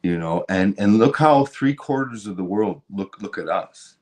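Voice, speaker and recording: A man's voice: fairly low pitch, animated, normal speed, a little mellow. A man hosting a stream, ranting about politics in a heated, profane way with lots of restarts. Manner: heated, swearing, repeats and restarts. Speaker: show host.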